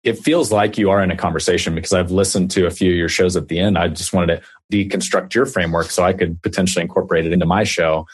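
A man with a Kansas accent hosting a podcast, friendly and relaxed in casual conversation. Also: low-pitched, quick pace, few pauses, husky. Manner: friendly, relaxed, calls guest buddy. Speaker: podcast host. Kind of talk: casual interview chat.

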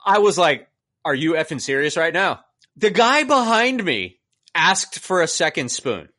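A man co-hosting a podcast, telling a story in an exasperated, animated rant and mocking the people he quotes. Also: sits high. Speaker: podcast co-host.

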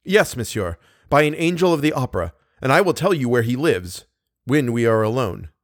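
A man's voice: medium pitch, very animated, moderate pace, no echo. Man doing an agitated young nobleman, earnest, insistent, dry close sound.

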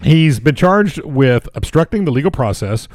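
A man's voice: a little high, very animated, moderate pace, a little mellow. A man co-hosting a casual talk show, reading odd news items with jokes and stumbling over names, tired. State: tired, holding back yawns. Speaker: radio co-host.

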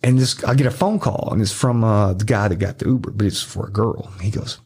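A man, a podcast guest telling profane, animated stories and acting out the voices of the people in them. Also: on the low side, fairly quick, vocal fry, slightly rough. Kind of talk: casual storytelling.

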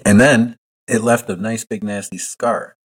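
A man's voice: on the low side, fairly even intonation, measured pace, husky. A man chatting as a podcast guest, dry and matter-of-fact. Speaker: guest, retired wrestler. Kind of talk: casual chat.

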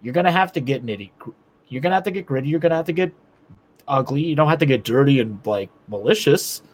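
A man talks hockey in casual podcast chat, blunt and sprinkled with swearing. His voice sits at an ordinary middle pitch, and he pushes his points home with plain force. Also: lively intonation, quick pace. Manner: blunt, profane, rallying. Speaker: podcast co-host. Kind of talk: casual sports talk.

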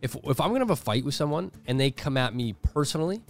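A man co-hosting a podcast in casual chat, animated, laughing often and acting out the voices he quotes. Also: mid-range voice, quick pace, soft background music. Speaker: podcast co-host.

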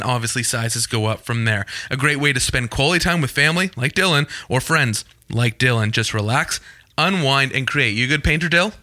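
A young man hosting a podcast, plugging events in quick, joking casual chat. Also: medium pitch, sharp tone, dry recording. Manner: fast-talking, joking, self-deprecating. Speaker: podcast host.

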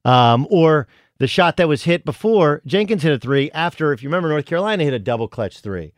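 Middle-aged guy on sports radio, kinda high voice, keeps restarting sentences, dry close mic. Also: expressive, a little fast, dry recording. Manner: rambling, self-interrupting, many restarts. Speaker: guest co-host, college basketball analyst. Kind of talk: casual sports radio chat.

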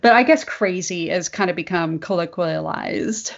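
A woman's voice: fairly low pitch, moderate pace, gravelly, highs cut off. Chatty woman podcast co-host. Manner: chatty, laughs often, self-correcting. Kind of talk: casual podcast chat.

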